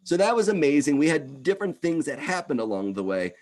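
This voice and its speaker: A man in his fifties giving an energetic wellness presentation, animated and talking in quick bursts. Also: on the high side. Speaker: wellness speaker. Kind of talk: presentation talk.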